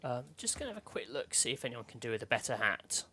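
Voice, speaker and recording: A man's voice: medium pitch, very animated, quick pace, sharp tone, a little hiss or hum. A man co-hosting a let's play, chatting casually and joking with his co-host as he plays. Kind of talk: casual gameplay chat.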